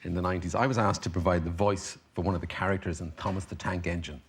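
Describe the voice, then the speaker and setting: A man's voice: deep voice, steady tone, fast talker, crowd noise. An Irish man, a comedian guest on a chat show, telling rambling self-deprecating anecdotes full of "you know" and "like". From Ireland.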